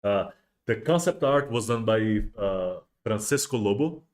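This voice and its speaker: A man's voice: fairly low pitch, expressive, a little slow, a little mellow. A man hosting a casual livestream, rambling with many restarts and fillers. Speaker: host of a miniatures livestream.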